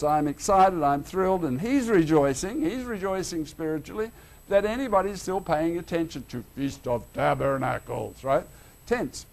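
High-voiced Australian preacher, animated. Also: male voice, moderate pace, vocal fry. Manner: animated, swings between loud and hushed. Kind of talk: sermon.

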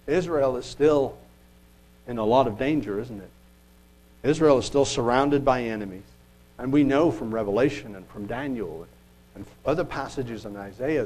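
A man preaching a sermon, reading scripture aloud and asking rhetorical questions, earnest with quiet asides. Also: medium pitch, breathy edge, rough recording.

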